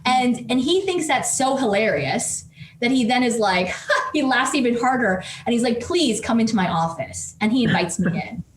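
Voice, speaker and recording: Lively woman telling a story. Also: fairly high pitch. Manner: animated, fast storytelling with many fillers. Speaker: business professor guest. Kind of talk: storytelling in a podcast interview. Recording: roomy echo with faint noise.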